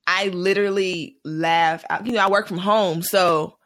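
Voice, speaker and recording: A man hosting a casual podcast, an animated storyteller who laughs often. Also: high-pitched, measured pace, dry recording, clean studio sound. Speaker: podcast host.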